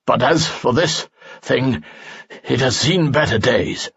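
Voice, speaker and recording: A man voicing a calm, wounded male elf fighter in an audiobook. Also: mid-range voice, takes it slowly, creaky, slightly rough, no room sound, pitched above the performer's own voice, heavily acted. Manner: calm, dry. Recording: dull lo-fi audio.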